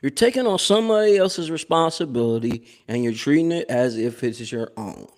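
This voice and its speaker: A man, hosting a live show with a casual, animated commentary monologue that repeats phrases and laughs often. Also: medium pitch, moderate pace.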